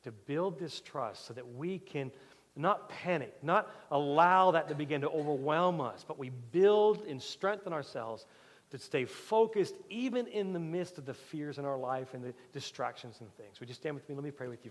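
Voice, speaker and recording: A man's voice: a little high, moderate pace. Male pastor preaching in a reverberant hall. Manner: animated storytelling, swinging loud and soft. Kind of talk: sermon. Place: church sanctuary. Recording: church hall with long reverb.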